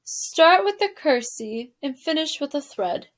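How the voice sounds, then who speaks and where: A woman teacher reading a children's novel aloud to her class and pausing to ask the students questions. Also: sits high. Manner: expressive narration with questions to students.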